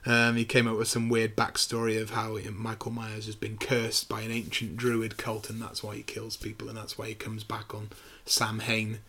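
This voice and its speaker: A man's voice: on the low side, husky. Man, casual film review chat, acts out scenes in bursts. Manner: animated retelling, acting out scenes in quick impressions. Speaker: podcast co-host.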